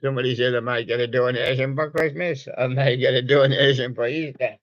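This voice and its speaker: A man hosting a home online radio show, chatting casually and showing soft toys in a rambling, jokey way full of puns. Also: medium pitch, steady tone, brisk, no echo, highs cut off.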